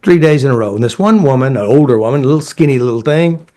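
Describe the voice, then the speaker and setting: A middle-aged man talks in a loose, folksy storytelling way, blunt and full of fillers. His pitch sits in an ordinary middle range for a man, and he jumps into little acted voices when he quotes people. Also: fast talker. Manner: animated, acts out quoted dialogue in shifting voices. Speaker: therapist and creator of a healing method. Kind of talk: casual storytelling in conversation.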